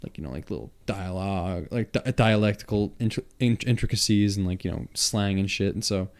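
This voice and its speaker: A young man with a Long Island accent, a podcast guest telling stories in an animated, profane, casual way. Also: fairly low pitch, brisk. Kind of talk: casual chat.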